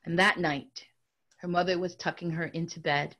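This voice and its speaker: A woman storyteller telling a story to an audience, swinging between bright raised tones and hushed near-whispers and speaking to listeners directly. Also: on the low side, steady tone, normal speed, muffled recording. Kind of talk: oral storytelling lecture.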